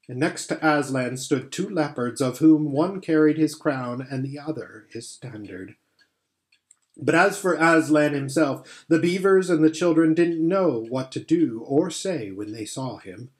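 A man reading a children's fantasy novel aloud in a measured, steady way, with the odd slip. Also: a little high. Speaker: audiobook reader. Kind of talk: storybook narration.

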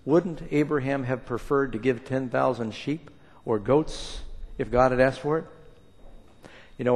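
Emphatic male preacher in a reverberant hall. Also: mid-range voice. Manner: emphatic, swinging between hushed and loud. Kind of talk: sermon with scripture reading. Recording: long reverb of a large hall.

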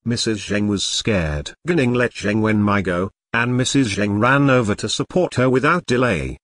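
A man narrating an audiobook novel in steady scripted reading. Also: on the low side, moderate pace, few pauses, no echo, studio quality.

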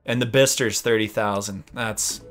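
A man hosting a let's play, talking casually and excitably, yelling and swearing at the game. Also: lowish voice, normal speed, faint music behind. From Canada. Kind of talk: casual gaming commentary.

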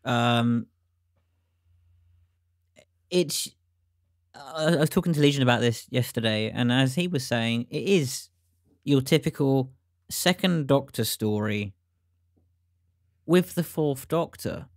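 An Englishman with an English accent who talks slowly and unhurriedly in casual podcast chat. He is blunt and dryly teasing, and swears casually. The sound is dry and close. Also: medium pitch, dry recording. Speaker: podcast co-host.

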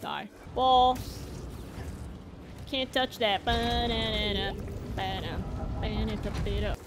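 A woman's voice: mid-range voice, fairly even intonation, slow, faint music behind. A woman giving jumpy, exclaiming commentary as she plays a video game and talks back to it. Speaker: gameplay streamer. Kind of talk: let's play commentary.

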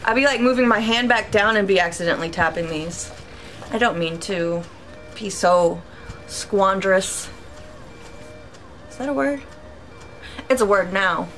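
A woman's voice: mid-range voice, big pitch swings, takes it slowly, long pauses, fairly bright tone, faint music behind. A young woman giving casual let's-play commentary, chatty and reactive, talking to her viewers with sudden yelps. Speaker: gaming YouTuber.

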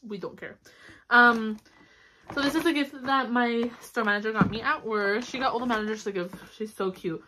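A woman's voice: a little high, moderate pace, noisy background. A young woman chatting casually at home to a camera on a stand, upbeat and full of fillers. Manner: chatty, upbeat, with fillers and little squeals of delight. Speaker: vlogger. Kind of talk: casual haul vlog chat. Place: home, indoors.

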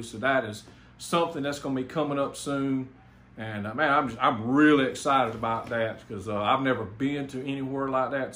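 In an echoey room with faint background noise, a man from South Carolina speaks with a Southern accent in a mid-range, slightly bright voice. He's a home theater YouTuber giving a rambling, enthusiastic channel update full of fillers and restarts.

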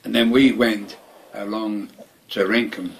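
An older man speaks in a rather low, gruff tone, telling his story at home in a loose, meandering way. He swears constantly and keeps repeating words. Faint household ambience sits behind him. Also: steady tone, unhurried, slight background noise. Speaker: veteran interviewee. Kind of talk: casual reminiscing.

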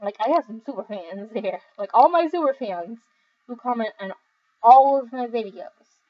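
A tired young woman reading viewer comments in a casual, rambling chat, giggling often and filling pauses with "um" and "like". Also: fairly high pitch, animated, highs cut off. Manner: giggly, rambling, with many fillers. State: overly tired. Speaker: video creator reading comments.

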